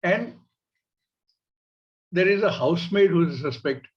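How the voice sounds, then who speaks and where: A man with an Indian English accent, teaching a scripture class in a measured way and acting out everyday examples. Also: high voice, lively intonation, highs cut off. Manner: measured, illustrative, acts out examples. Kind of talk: spiritual class lecture.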